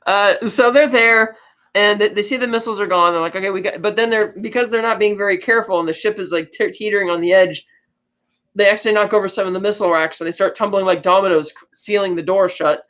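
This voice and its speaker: A woman's voice: medium pitch, a little fast, a bit bright. Chatty woman recapping a film, lo-fi audio. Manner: chatty, with frequent fillers and restarts. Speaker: podcast co-host. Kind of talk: casual plot recap.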